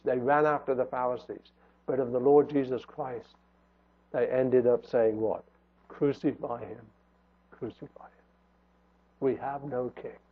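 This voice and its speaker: Man preaching, high voice, earnest sermon, tinny phone-like sound. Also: slightly rough. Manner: earnest, rising and falling emphasis.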